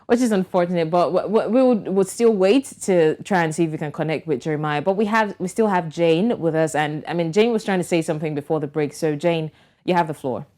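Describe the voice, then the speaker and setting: A woman host moderating a studio panel discussion, talking briskly with quick restarts and light laughter. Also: fairly low pitch, dark tone. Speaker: talk show host.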